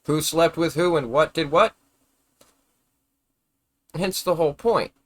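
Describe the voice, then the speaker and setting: A man's voice: a little high, takes it slowly, a bit bright, no echo. Profane, rambling man ranting. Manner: rambling, profane, argumentative, with frequent stammered restarts. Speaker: live streamer. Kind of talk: casual ranting monologue.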